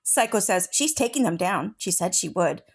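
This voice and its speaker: A woman's voice: on the low side, expressive, moderate pace, creaky, breathy edge. Furious woman reading messages aloud. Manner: furious, profane, confrontational. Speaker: true-crime commentary channel host.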